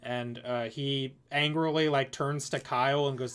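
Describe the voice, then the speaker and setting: A man's voice: mid-range voice, fairly even intonation, unhurried, heavy background noise. Rambling man running a tabletop game. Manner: loose, rambling, lots of fillers. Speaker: game master.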